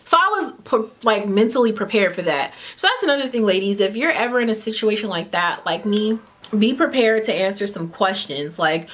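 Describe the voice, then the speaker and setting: Young woman in her 20s, casual vlog storyteller, talky and animated, medium pitch. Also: a little fast. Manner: chatty, animated, heavy use of "like" and "you know what I'm saying"; eats while talking at times. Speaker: vlogger telling a story.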